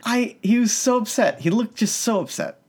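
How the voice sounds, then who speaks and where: A woman's voice: fairly high pitch, animated, moderate pace, a little mellow, husky. A woman in casual chat about a movie, asking questions and laughing along.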